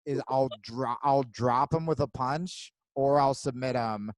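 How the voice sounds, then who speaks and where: A man hosting a podcast, telling stories in a casual, profane, animated way. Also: medium pitch, moderate pace, few pauses, dry recording. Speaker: podcast host.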